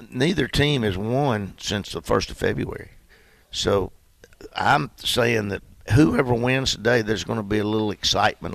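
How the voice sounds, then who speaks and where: A man's voice: on the low side, vocal fry, dry recording. A man, a basketball coach telling stories in a folksy way in a radio interview. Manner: folksy storytelling.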